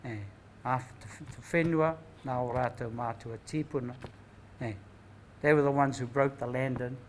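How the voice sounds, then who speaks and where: Older man, New Zealand accent, reflective storyteller, tags thoughts with eh, mid-pitched voice. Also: steady tone, moderate pace, slight background noise, rough recording. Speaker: speaker at a Māori knowledge gathering. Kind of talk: anecdotal storytelling talk.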